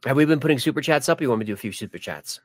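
A man's voice: mid-range voice, expressive, racing. A man hosting a live stream, chatting casually and joking while reading viewer comments. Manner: rambling, jokey, many restarts. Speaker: livestream host.

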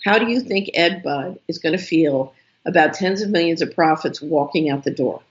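Animated woman telling a story. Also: sits low, moderate pace, dull audio. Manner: animated storyteller who acts out quoted dialogue. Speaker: interview guest. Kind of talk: conversational storytelling interview.

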